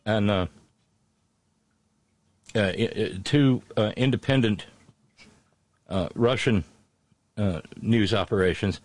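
A man giving casual, sarcastic news commentary, halting with many fillers and restarts. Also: on the low side, darkish tone, no echo. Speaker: political commentator.

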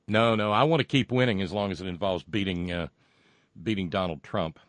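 Rambling deep-voiced podcast host. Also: male voice, fairly bright tone, no echo. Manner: rambling, halting, sardonic. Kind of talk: casual solo podcast monologue.

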